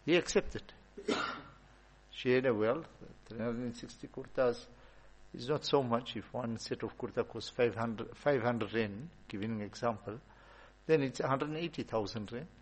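A man gives a casual religious talk in a husky, slightly breathy voice. He speaks conversationally, slipping into stories and stacking up repeated lines to drive a point home. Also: mid-range voice, moderate pace, poor audio. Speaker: religious teacher. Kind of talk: informal Islamic talk.

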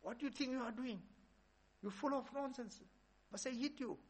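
A furious old spiritual master, as a man preaching puts him on, yells at his student in a high, strained voice. He scolds harshly and loudly, each line a shouted rebuke. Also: moderate pace, slightly rough, heavily acted. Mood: furious scolding.

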